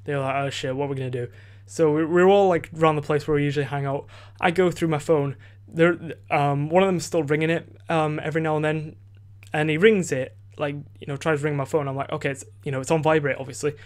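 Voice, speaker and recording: A man's voice: a little high, steady tone, fast talker, few pauses. A teenage boy hosting his podcast, telling a story in a rambling casual way, full of fillers and restarts and casual swearing. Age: teens. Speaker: podcast host. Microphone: desk microphone.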